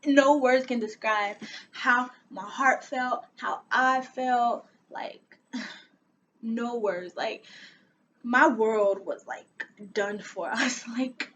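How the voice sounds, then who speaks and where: High-voiced young woman telling a story. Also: extremely slow, a little hiss or hum. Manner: animated, dramatic storytelling with sighs and laughs. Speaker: vlogger. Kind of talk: storytime vlog.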